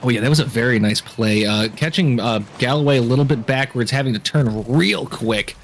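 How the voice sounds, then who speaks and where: A man giving relaxed color commentary on an esports match, rambling and restarting his sentences as he breaks down plays. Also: medium pitch, a little fast, a little hiss or hum.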